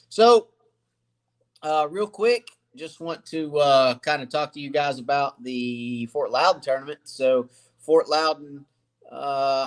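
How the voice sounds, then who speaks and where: An easygoing man hosts a casual live stream from his cluttered home workshop. He rambles loosely, with plenty of fillers, as he greets viewers by name and chats about fishing. His voice sits at an ordinary middle pitch. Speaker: fishing channel host.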